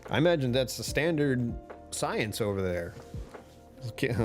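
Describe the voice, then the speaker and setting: Lively chatty male live streamer. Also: medium pitch, normal speed, creaky, music in the background. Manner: chatty, rambling, joking. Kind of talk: casual live stream chat.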